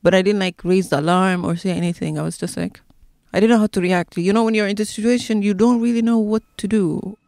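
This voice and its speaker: A woman telling personal stories in a relaxed interview, her talk full of "like" and "um" as she works through her thoughts. Her voice sits at an ordinary middle pitch, recorded close and dry with no room sound. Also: fast, creaky, no echo. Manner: conversational, many fillers like "like" and "um". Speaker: interviewee, city resident. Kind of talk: casual storytelling interview.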